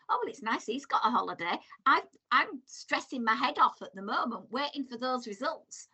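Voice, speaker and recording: Animated, lively woman co-host. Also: high-pitched, brisk, hardly any pauses, husky. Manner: animated, chatty, exasperated storytelling. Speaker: podcast co-host. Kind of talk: casual chat.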